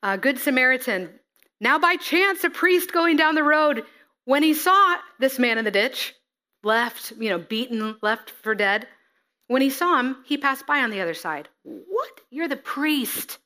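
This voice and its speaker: A woman preaching a sermon, reading scripture and acting out the figures with lively expression. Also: sits high, normal speed. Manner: expressive, acts out scripture figures, laughs at herself.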